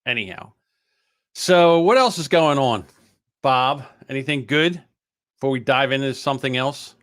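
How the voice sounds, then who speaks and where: An older man co-hosting a podcast in casual, swearing, animated chat. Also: mid-range voice, smooth, no echo, clean studio sound. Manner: animated, swearing, quick to laugh. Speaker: podcast co-host.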